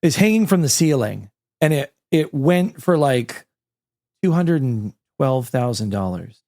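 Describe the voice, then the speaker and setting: A man co-hosting a podcast, sharing film trivia in casual chat with relaxed asides. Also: mid-range voice, measured pace, dry recording, studio quality. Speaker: podcast co-host.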